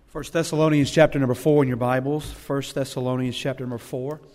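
A man preaching a folksy sermon who reads scripture slowly and with emphasis. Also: medium pitch, fairly even intonation, a little mellow, long reverb tail. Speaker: guest preacher. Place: church hall.

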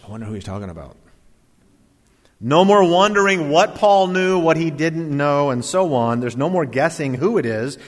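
Joking pastor preaching in reverberant church. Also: male voice, fairly high pitch. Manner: animated and jokey, with quoted asides. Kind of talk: sermon. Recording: long hall reverb.

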